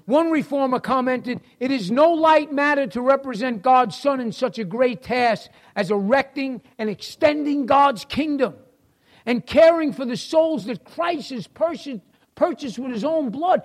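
A man's voice: very high-pitched, a little slow. A middle-aged man with a New York accent teaching a church class in a folksy sermon style, talking to listeners by name.

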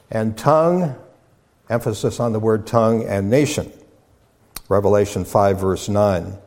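Low-voiced man preaching a sermon. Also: a little mellow. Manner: measured, many pauses and fillers; halting restarts. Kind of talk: sermon teaching.

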